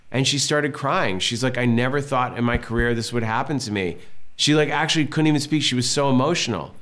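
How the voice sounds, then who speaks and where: A man in his fifties from Massachusetts, a film director telling stories in a casual interview and acting out what people said. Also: medium pitch. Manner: animated storyteller acting out quotes.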